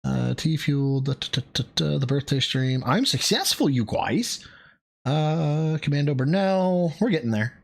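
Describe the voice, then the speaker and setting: Male reaction streamer, crude, mocking, very animated pitch. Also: measured pace, gravelly. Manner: crude, mocking, bursts into high laughing squeals. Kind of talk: casual reaction stream commentary.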